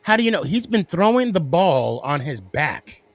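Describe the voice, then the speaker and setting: A man hosting a podcast in casual sports chat, talking in an excitable way and stammering through restarts as he gets fired up. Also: fairly high pitch, moderate pace, no echo. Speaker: podcast host.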